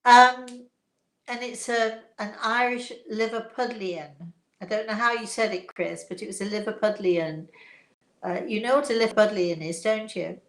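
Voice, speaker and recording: A woman's voice: mid-range voice, normal speed. An older woman with an English accent, a spiritual author answering viewer questions in a casual, encouraging way with many fillers. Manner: chatty, warm encouragement, laughs often, hesitant fillers. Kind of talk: casual live Q&A chat. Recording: echoey room sound.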